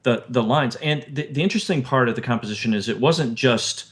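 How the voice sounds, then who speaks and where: A man co-hosting a casual film podcast, halting and repeating words as he gathers his thoughts. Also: mid-range voice. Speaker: podcast co-host.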